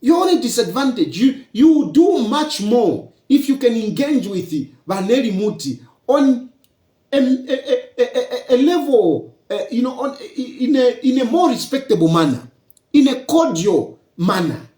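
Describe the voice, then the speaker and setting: A man's voice: very high voice, very animated, unhurried, mellow, reverberant. A man with a Zambian accent, a politician giving a public address and lecturing his rivals with rhetorical questions.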